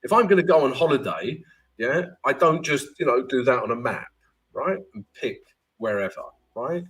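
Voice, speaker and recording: A man's voice: mid-range voice, lively intonation, moderate pace, a bit bright, husky. A man hosting a live trading stream, teaching in a chatty way, keeps checking in with "right?" and greeting viewers by name.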